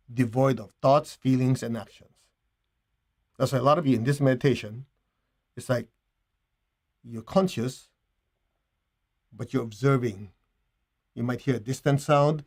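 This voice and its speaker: Man, meditation teacher, soft and unhurried, relaxed conversational teaching, mid-pitched voice. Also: breathy edge. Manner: calm, gentle, unhurried. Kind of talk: guided meditation and spiritual teaching.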